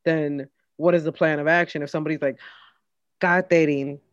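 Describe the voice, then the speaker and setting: A woman's voice: low-pitched, little pitch movement, fast, dry recording, highs cut off. A woman co-hosting a podcast in casual chat, playful and teasing. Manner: playful, teasing, mock-scolding. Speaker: podcast co-host.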